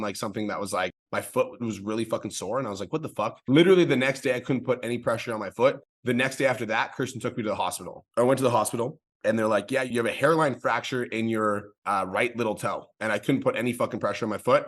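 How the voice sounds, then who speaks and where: A man's voice: lowish voice, a bit bright. A man coaching a group on a call, profane, emphatic and pumped up. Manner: fast, profane, hyped, emphatic.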